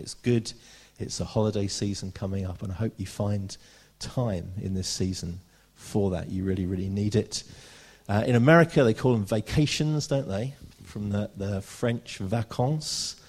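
A British man preaching a sermon, reading scripture aloud and slowing down for emphasis. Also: lowish voice, darkish tone, breathy edge. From Britain. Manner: earnest, slows down for emphasis, reads scripture aloud.

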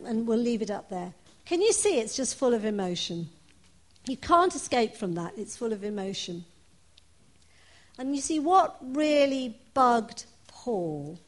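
Woman preacher, unhurried sermon delivery, earnest personal tone. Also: fairly high pitch. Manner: earnest, personal, with soft laughs.

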